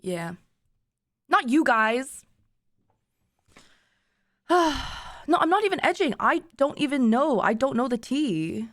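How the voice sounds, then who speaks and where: A woman's voice: high-pitched, big pitch swings, slow pace, pauses often, dry recording. Young woman streamer talking to chat, emotional and rambly, dry close mic. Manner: emotional, tearful and laughing, rambling with restarts. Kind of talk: casual chat to stream viewers. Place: treated room with acoustic panels.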